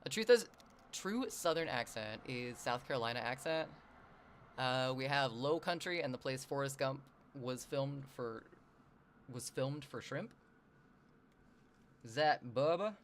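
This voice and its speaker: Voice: mid-range voice, animated, measured pace, long pauses, a little hiss or hum. A casual livestreamer from the US Northwest, talking in a mid-range voice. The talk rambles from one thought to the next, with chat messages read out along the way. The tone is loose and offhand, with casual swearing.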